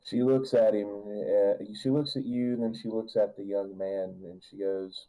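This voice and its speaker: A man's voice: on the low side, steady tone, measured pace, few pauses, dark tone, rough recording. A man narrating a tabletop game as game master, rambling with restarts and filler words.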